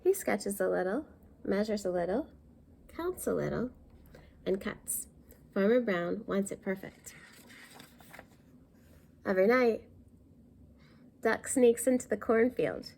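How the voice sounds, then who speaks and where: Brief: woman storytime reader, mellow and a bit gravelly, reads a picture book aloud and explains words to kids. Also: mid-range voice, lively intonation, a little hiss or hum. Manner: pauses to explain words for young listeners.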